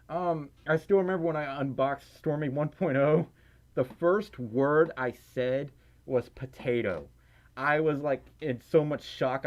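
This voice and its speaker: A young man chatting on a livestream, reading out donations in an excitable, giggly, rambling way that keeps running him out of breath. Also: fairly high pitch. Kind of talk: casual livestream chat. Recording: slightly dull lo-fi stream audio.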